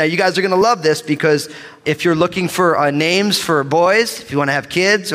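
Joking pastor preaching in a big hall. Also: male voice, fairly high pitch. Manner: lively, joking, calls for amens. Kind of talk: sermon. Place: church sanctuary with live congregation. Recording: reverberant hall sound.

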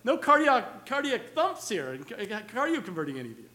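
High bright-voiced male pastor preaching. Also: wildly swooping pitch, a little fast. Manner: earnest, rising to emphatic exhortation; acts out children's whiny questions. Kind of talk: sermon.

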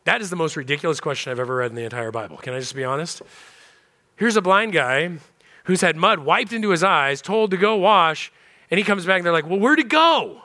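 A man pastor delivers a sermon in a slightly raised, bright voice. He talks conversationally and with animation, breaking off into candid asides. His tone is more chat than pulpit oratory. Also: on the high side, brisk.

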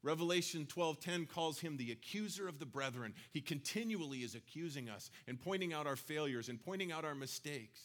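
A man's voice: on the high side, expressive, a little fast, hardly any pauses, a bit bright. A man preaching a sermon in a conversational way, now and then acting out quoted voices. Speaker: pastor.

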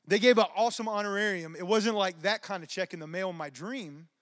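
A man preaching in a church with a notably high voice. He tells his story in a lively, casual way, dropping "man" and "y'all" as he goes. The sound is dry and close. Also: fairly quick, dry recording. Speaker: preacher teaching on dreams. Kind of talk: informal church teaching and testimony.

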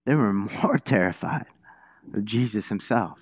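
A man preaching a sermon in a casual, conversational way, asking the congregation questions and dropping to a hushed voice for quiet moments. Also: lowish voice, lively intonation, unhurried, slightly rough, dry recording. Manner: conversational, asks the congregation questions, many restarts. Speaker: pastor. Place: church.

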